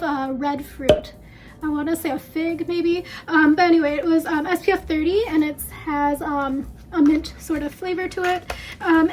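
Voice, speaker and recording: A woman chatting casually through a haul video at home, rambling with lots of fillers and a bit out of breath. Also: sits high. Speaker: beauty vlogger.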